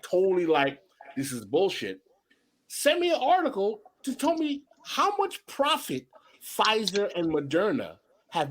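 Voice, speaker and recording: Animated middle-aged male podcast host. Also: fairly high pitch. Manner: emphatic and animated, repeats himself, tells stories. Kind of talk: casual podcast chat.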